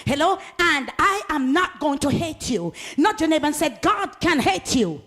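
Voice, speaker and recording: A woman preaching a sermon with fervor, laughing often and swinging from talk into shouts as she calls on the congregation. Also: high-pitched, very animated, moderate pace.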